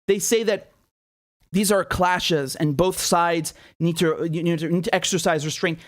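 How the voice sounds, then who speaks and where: A man hosting political commentary, indignant and passionate, firing off one rhetorical question after another. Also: high-pitched.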